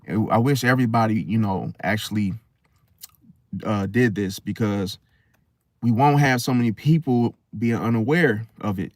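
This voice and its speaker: A young man talking casually to camera, telling a personal story in an animated, slangy way. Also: on the low side, normal speed, dry recording, clean studio sound. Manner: animated storytelling, slangy, swings loud and soft. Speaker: host.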